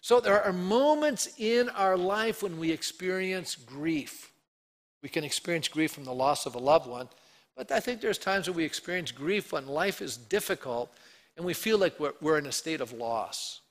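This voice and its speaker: A man preaching a sermon with a fairly high voice. He talks to the congregation in a conversational way and slips into the quoted voices with lively changes. He comes across as an engaged pastor in full flow. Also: moderate pace.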